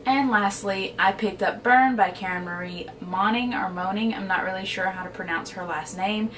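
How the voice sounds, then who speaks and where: Recorded far from the mic with background noise, a woman of medium pitch talks at a moderate pace. She's a book vlogger casually chatting through a book haul, often unsure of titles and gushing over her favorites.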